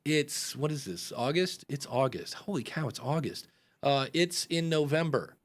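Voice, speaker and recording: A man's voice: a little high, lively intonation, normal speed. A man, a podcast coach hosting a live advice chat, rambling and acting out example announcements.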